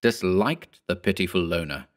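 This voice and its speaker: A man with a fairly low voice reads a horror story aloud. His delivery is measured and steady, the pace of scripted audiobook narration.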